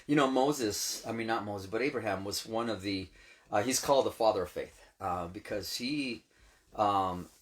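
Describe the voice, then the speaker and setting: A man's voice: lowish voice, normal speed. A man, a pastor, talking through scripture in a casual chat, retelling it in everyday words and often checking in with "right?". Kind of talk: casual Bible teaching chat.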